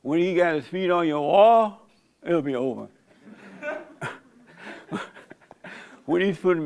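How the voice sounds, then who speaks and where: Gravelly older man preaching. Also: on the high side. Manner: folksy, joking, laughs often. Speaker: host leading a church discussion. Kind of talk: casual preaching talk.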